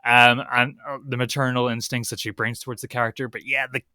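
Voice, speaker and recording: A young man with a Northern Irish accent, co-hosting a casual film podcast and giving opinionated, animated critiques. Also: mid-range voice, fast, clear, resonant tone, no room sound, clean studio sound. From Northern Ireland. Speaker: podcast co-host.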